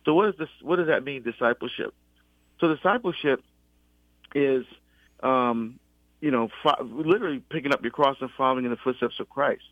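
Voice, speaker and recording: A middle-aged deacon from the US East Coast in a conversational faith talk, telling his story with many restarts and animated quoted exchanges. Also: medium pitch, normal speed, dry recording. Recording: dull lo-fi sound.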